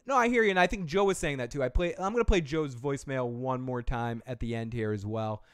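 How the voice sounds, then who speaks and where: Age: adult. Sex: man. Style: joking, profane recap host. Sound: smooth and dry. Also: mid-range voice, a little fast, fairly bright tone, dry recording. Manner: joking and profane, with frequent asides. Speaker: show host. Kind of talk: casual TV episode review chat.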